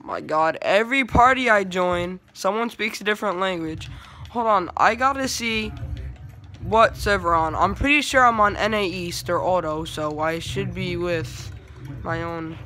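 A young male gamer talks through his match in a high, bright voice. He chatters casually, trash-talks, and breaks into excitable bursts. The delivery is loose and conversational. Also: measured pace, a little hiss or hum. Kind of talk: casual gaming commentary.

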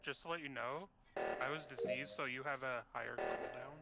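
A man's voice: medium pitch, fairly even intonation, normal speed, vocal fry, over loud music. A man in voice chat during a game, teasing and matter-of-fact. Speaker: player in voice chat. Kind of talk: casual voice chat.

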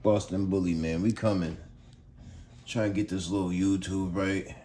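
In this casual vlog, a man wanders through talk about his dog kennel, indoors at home, addressing viewers with plenty of "y'all" and "man." His deep voice stays steady and mellow at normal speed, over a faint hiss or hum.

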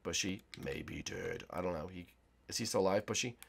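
A young man giving excited, teasing play-by-play commentary on a multiplayer game round, talking to players and viewers. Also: low-pitched, fairly quick, a little hiss or hum. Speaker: gaming YouTuber.

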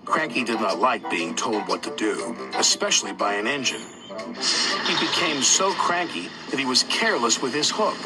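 Give me a man narrating a kids' story with lively ups and downs over loud music. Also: medium pitch, normal speed. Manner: animated, expressive reading.

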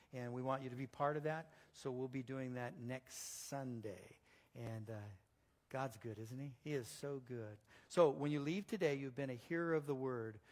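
A man's voice: mid-range voice, in a large hall. A male pastor preaching a sermon, telling stories in a conversational way with frequent restarts. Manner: storytelling, conversational, with many restarts. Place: church sanctuary.

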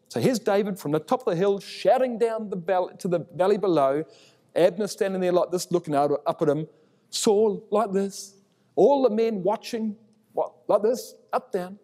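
Animated Bible teacher in a reverberant hall. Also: male voice, sits high, moderate pace. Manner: animated, acts out biblical dialogue in raised voice.

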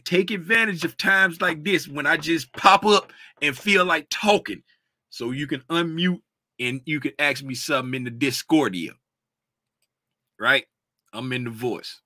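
Easily distracted, a trading educator rambles casually to his livestream audience and talks right to chat. His voice is on the high side, bright and forceful, with no echo.

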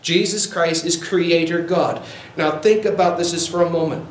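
A man's voice: on the high side, steady tone, moderate pace, roomy sound, a little hiss or hum, low-quality recording. A male pastor preaching a sermon, quoting scripture with rising fervor.

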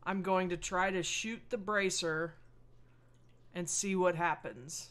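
A woman's voice: on the low side, fairly even intonation, takes it slowly, a bit bright. A woman playing a tabletop role-playing game who describes her character's plans thoughtfully, hesitating and restarting her phrases. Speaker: player.

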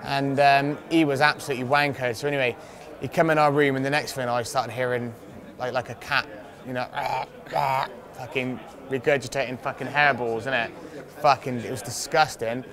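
A man's voice: medium pitch, steady tone, normal speed. A young man, a fighter, telling a rambling anecdote in a casual interview, swearing freely and laughing often. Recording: crowd noise outdoors.

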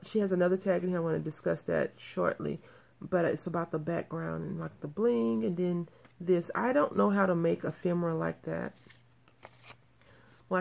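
A woman's voice: fairly low pitch, gravelly. A woman in her thirties showing off crafting mail in a casual show-and-tell, gushing and repeating her praise. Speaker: crafting channel host.

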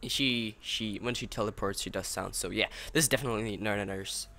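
A man's voice: on the low side, a little fast, sharp tone, a little hiss or hum. A young man giving gaming commentary while he plays, swearing a lot and ranting in frustration. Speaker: gameplay video creator.

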